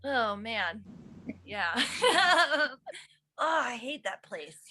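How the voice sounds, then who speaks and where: A woman from West Virginia does a rambling, giggly stand-up bit. She speaks slowly in a high, bright voice and keeps laughing at herself. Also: sing-song. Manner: rambling, giggly, self-deprecating. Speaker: comedian and show host. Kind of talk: stand-up set. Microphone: online show, own mic.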